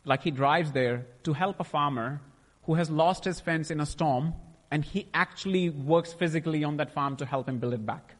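A man's voice: on the high side, normal speed, long reverb tail. A young man sharing a personal faith testimony, emotional and rambling, often stopping to restart his sentences. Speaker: testimony speaker.

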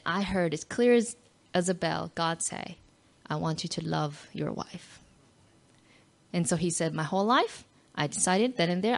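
A woman telling a personal faith story to an audience, animated and emotional, acting out quotes and dropping to a near-whisper at tender moments. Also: on the low side, vocal fry. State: moved close to tears at times.

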